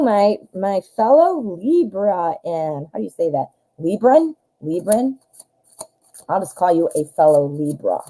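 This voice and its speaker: A woman's voice: mid-range voice, warm tone, low-quality recording. Chatty woman reading tarot live. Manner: chatty, thinks aloud, frequent fillers and self-corrections. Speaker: tarot reader hosting a live stream.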